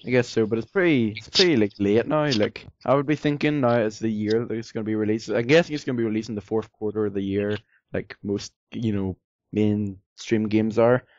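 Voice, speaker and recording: A man's voice: lowish voice, brisk, darkish tone, dry recording, highs cut off. A man chatting casually as a podcast co-host, rambling with lots of fillers and some sarcasm. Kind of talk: casual chat.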